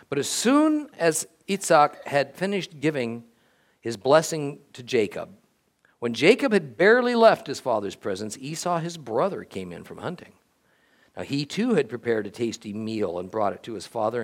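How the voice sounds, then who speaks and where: Expressive man reading scripture dramatically. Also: mid-range voice, moderate pace. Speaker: Bible teacher.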